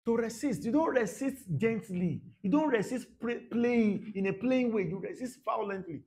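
A man preaching a sermon, dramatic, dropping to soft murmurs and then bursting out, repeating phrases for emphasis. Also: extremely high pitch, moderate pace. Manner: repeats phrases for emphasis, laughs at his own points. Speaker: pastor.

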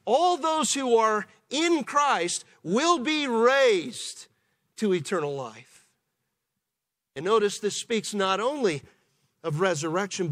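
A man preaching a sermon as pastor, in a measured way with slow, emphatic pauses. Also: sits high, fairly bright tone. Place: church.

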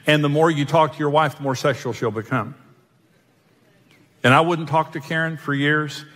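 A man's voice: fairly high pitch, moderate pace, fairly bright tone. A male pastor preaching a sermon, telling jokes and self-mocking stories. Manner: joking, self-mocking storyteller. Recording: long hall reverb.

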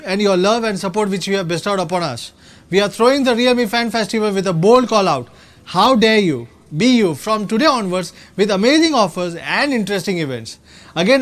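A man giving a proud, rallying scripted keynote as a company executive at a product launch. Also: sits high. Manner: proud, rallying, slightly stilted phrasing.

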